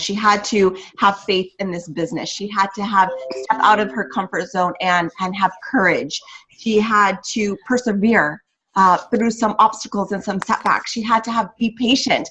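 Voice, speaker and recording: A woman's voice: mid-range voice, moderate pace, a bit bright, poor audio. A woman hosting a video call, introducing a guest speaker with enthusiasm and reading off her achievements with small restarts.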